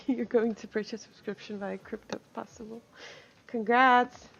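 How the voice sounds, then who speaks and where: A woman's voice: fairly high pitch, steady tone, unhurried, creaky, fairly bright tone, dull audio. A woman streaming live, chatting casually with viewers, reading chat aloud and laughing often.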